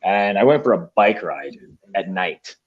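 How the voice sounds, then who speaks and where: A man's voice: deep voice, expressive, measured pace, slight background noise. A young man in casual chat, telling a rambling story with hesitations and restarts. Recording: dull lo-fi recording.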